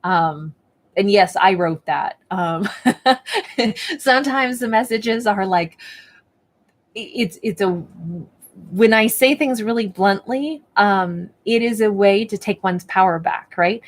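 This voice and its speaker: A woman at her table talks through a tarot and oracle card reading in a loose, reflective way. Her voice sits at an ordinary middle pitch, and she encourages the listener gently, with plenty of filler words along the way. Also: slow pace. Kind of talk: casual spoken card reading.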